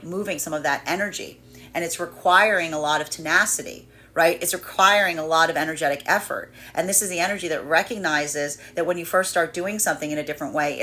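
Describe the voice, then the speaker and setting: A woman giving a daily tarot energy reading in a rambling, self-correcting way, often restarting her sentences. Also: fairly low pitch. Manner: rambling, self-correcting, animated when voicing others. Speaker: tarot reader.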